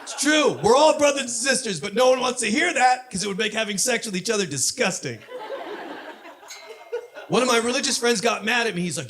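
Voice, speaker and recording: A man from Southern California doing a stand-up comedy set on a club stage, punchy delivery that builds to shouted punchlines. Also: extremely high pitch, animated, brisk.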